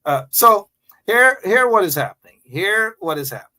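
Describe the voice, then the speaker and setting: A Guyanese man runs a live radio talk show, his voice sitting a little higher than most men's. He hammers his points by saying them again and again, and he calls out to his listeners directly. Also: big pitch swings, normal speed, sharp tone. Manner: emphatic, repeats phrases, addresses listeners directly.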